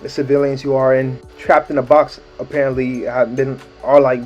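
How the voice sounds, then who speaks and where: A man talks through a manga chapter in a relaxed, slangy way, breaking into laughs now and then. His voice is dark and mellow, recorded on a dull lo-fi mic with faint music underneath. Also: mid-range voice, normal speed, few pauses. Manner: laid-back slangy talk with frequent laughs. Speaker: manga chapter recap host. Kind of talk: casual spoken recap.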